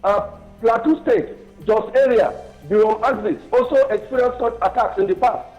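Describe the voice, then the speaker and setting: Emphatic Nigerian male phone-in guest, high-pitched, lo-fi line. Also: moderate pace, a little mellow. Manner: emphatic, insistent. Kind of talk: news talk show interview. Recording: muffled phone line with music.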